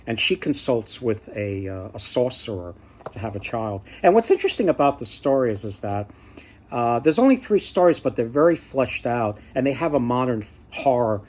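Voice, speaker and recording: A man's voice: mid-range voice, a little mellow. A man casually retelling folk tales, rambling and often restarting his sentences. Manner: rambling, many fillers and restarts. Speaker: storyteller.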